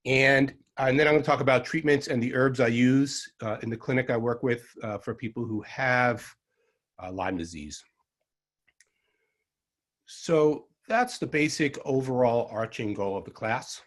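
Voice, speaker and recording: A man's voice: mid-range voice, a little slow, a bit bright. An older man with a Long Island New York accent giving an online herbal medicine lecture, dry and sarcastic, rambling with frequent ums and asides.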